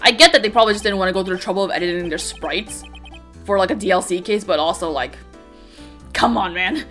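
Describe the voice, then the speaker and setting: A woman's voice: mid-range voice, fast, fairly bright tone, soft background music. A woman giving casual, blunt commentary while playing a video game, swearing now and then. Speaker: gaming streamer. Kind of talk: casual let's-play commentary.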